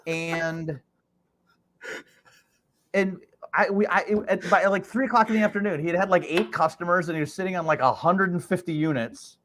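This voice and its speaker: An animated male podcast guest caught up in a story, his somewhat high voice rising and tumbling as he laughs and acts out the other people's voices. He talks in quick, excited bursts. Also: slight background noise.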